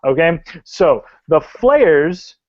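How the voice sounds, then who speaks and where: Male game master, excitable and casual, somewhat high, dull lo-fi sound. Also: very slow. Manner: excitable, laughing, loose and casual. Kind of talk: narrating a tabletop game. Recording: dull lo-fi recording.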